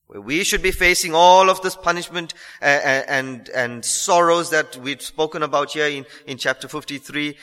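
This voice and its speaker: Bright-voiced man preaching in a reverberant hall. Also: a little high. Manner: earnest, repeats phrases for emphasis, slows on key lines. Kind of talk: sermon.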